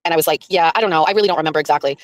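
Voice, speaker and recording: A chatty woman tells her viewers a story at a fast clip, replaying each line of the conversation in quotes. Her voice sits close and dry, with no room around it. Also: sits low, no echo, low-quality recording. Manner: chatty, retells by acting out quotes, laughs often. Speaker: streamer covering a court trial.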